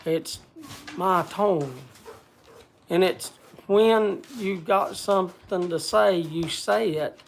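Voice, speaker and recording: A man speaking bluntly to a group in casual talk, halting often and restarting his sentences. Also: high voice, creaky. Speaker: speaker addressing a group gathering.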